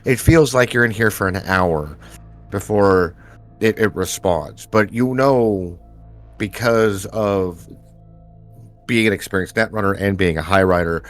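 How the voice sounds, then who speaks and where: A man running a tabletop role-playing game, narrating scenes in a relaxed, descriptive way with quick asides. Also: on the low side, soft background music. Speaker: game master.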